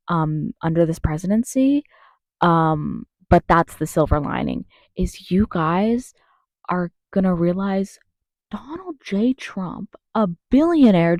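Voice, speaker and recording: A woman's voice: fairly low pitch, a little mellow, dry recording. A woman ranting to camera in a heated, sarcastic way, swearing often. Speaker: vlogger. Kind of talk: profane political rant to camera.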